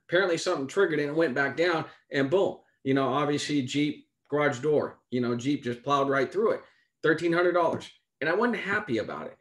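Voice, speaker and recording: A man preaching in a conversational Bible-teaching style, emphatic, repeating key phrases and asking rhetorical questions. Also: a little high.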